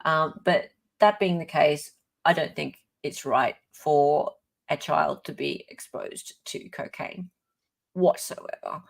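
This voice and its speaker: A woman's voice: low voice, takes it slowly, vocal fry. A woman with an Australian accent hosting a live stream, chatting casually and laughing often. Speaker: podcast host.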